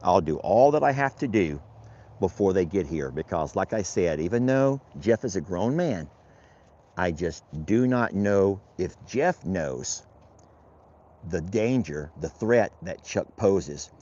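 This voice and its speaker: A low-voiced man rambles along as he works his pasture, his pitch rising and falling a lot while he talks. It is a casual rancher vlog taped outdoors, and the sound is a bit dull and lo-fi. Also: expressive, measured pace, warm tone. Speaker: rancher vlogger. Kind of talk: casual vlog narration while doing chores.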